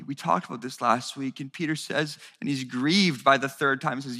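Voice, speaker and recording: A man's voice: fairly high pitch, a little fast, few pauses, sharp tone. A man preaching a sermon to his church, earnest and rising to raised intensity as he speaks. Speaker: pastor. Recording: reverberant hall.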